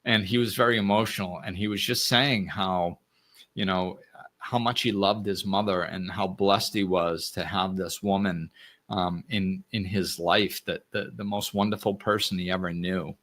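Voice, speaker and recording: A man's voice: low-pitched, fairly even intonation, moderate pace. A man hosting his own show, talking earnestly and reassuringly in a reflective solo talk, often restarting his sentences. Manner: earnest, gently reassuring, with frequent restarts and "you know". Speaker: podcast host.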